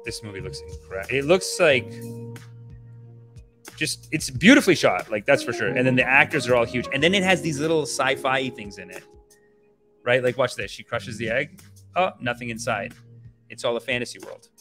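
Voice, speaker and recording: A male podcast host rambles through his reactions in a loose, profane, animated way. He keeps a mid-range voice and jumps quickly from one thought to the next. Faint music plays underneath him. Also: medium pitch. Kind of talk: casual chat reacting to a trailer.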